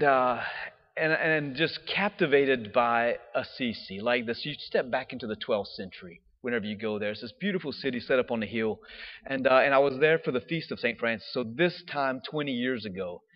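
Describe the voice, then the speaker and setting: A man, a diocesan priest, telling a personal story in a chatty, animated way with casual fillers. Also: mid-range voice. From United States. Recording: dull audio with long hall reverb.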